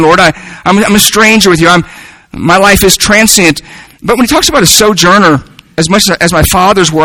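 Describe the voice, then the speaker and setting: A man's voice: high-pitched, bright, forceful tone, no room sound, rough recording. A man preaching a sermon in an earnest way, often repeating words as he works toward a point.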